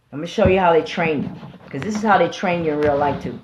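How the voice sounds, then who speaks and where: A woman's voice: fairly low pitch, brisk, a little mellow. A woman hosting and preaching, emphatic and rhetorical, speaking straight to her listeners. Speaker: host and preacher. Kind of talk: preaching to an audience. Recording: roomy, slightly dull recording.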